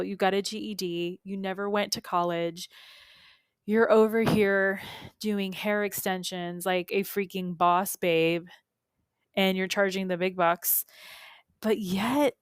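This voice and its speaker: Slow, smooth-voiced woman coach. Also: medium pitch, dry recording, studio quality. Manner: casual, earnest and emphatic, with frequent asides. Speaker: beauty industry coach and podcast host. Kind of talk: solo podcast teaching talk.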